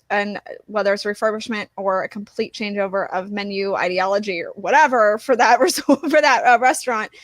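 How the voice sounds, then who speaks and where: A woman's voice: medium pitch, a bit bright, dry recording, studio quality. A woman co-hosting a casual podcast, thinking aloud, hesitant, with many fillers. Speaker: podcast co-host. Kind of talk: casual chat.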